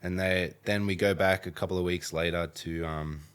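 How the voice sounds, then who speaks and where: A young man with an Australian accent and a very low voice tells a story in a casual interview. He rambles, piles on fillers and acts out what people said. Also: steady tone, moderate pace, a bit bright, clean tone. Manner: rambling, filler-heavy retelling with acted-out quotes. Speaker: podcast guest, athlete.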